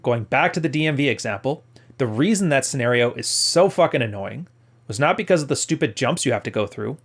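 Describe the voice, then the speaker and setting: A man's voice: medium pitch, animated, a little fast, soft background music. A man hosting a podcast, giving blunt, profane relationship advice and mocking the voices he quotes. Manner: blunt and profane, mock-quoting others. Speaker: podcast host. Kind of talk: casual advice commentary.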